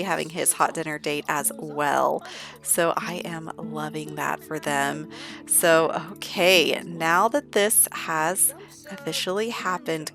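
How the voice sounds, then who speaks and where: A woman's voice: deep voice, vocal fry. A young woman hosting a gaming channel, gushing with enthusiasm as she narrates a life-sim game. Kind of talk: casual game commentary. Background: faint background music.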